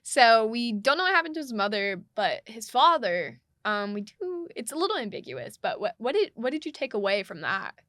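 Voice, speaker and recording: Woman co-host, bright tone, talks things through analytically, dry sound. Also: fairly high pitch, big pitch swings, moderate pace, hardly any pauses, dry recording. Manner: analytical, asks questions, frequent fillers. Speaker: podcast co-host. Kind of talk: casual film discussion.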